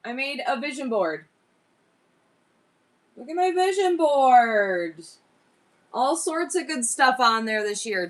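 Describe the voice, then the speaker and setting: A woman live-streaming to her viewers, chatting casually and excitedly as she thinks aloud through her numbers and goals. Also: high voice.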